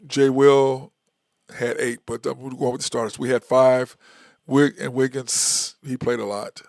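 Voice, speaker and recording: A man hosting a sports talk show, giving a casual, rambling opinion monologue and counting stats out loud as he corrects himself. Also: mid-range voice, gravelly, no room sound, studio quality.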